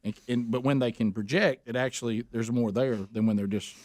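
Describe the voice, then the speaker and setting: A man's voice: medium pitch, fairly even intonation, brisk, darkish tone, no echo, clean studio sound. A man hosting a radio talk show, joking and rambling in casual chat.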